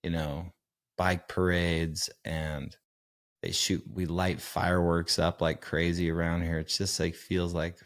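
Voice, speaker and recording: A man's voice: low-pitched, unhurried. A man in his forties co-hosting a podcast, chatting casually and telling rambling stories full of fillers. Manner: relaxed, rambling storyteller with many fillers. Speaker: podcast co-host. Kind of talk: casual chat.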